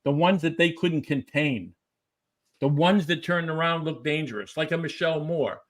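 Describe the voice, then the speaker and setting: A man with a notably high voice, speaking as a podcast guest. He talks emphatically, stacking rhetorical questions one after another. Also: normal speed. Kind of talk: animated interview talk.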